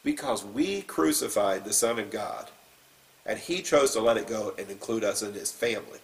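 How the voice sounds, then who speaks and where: A man's voice: on the low side, expressive, moderate pace, vocal fry, distant mic, low-quality recording. A man preaching as a pastor, reading scripture and then giving an informal, plain-spoken sermon with some fillers.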